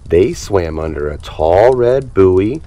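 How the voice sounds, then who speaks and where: A man reading a children's picture book aloud with expressive, animated storytelling. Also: low voice, slow, muffled recording. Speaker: storybook reader.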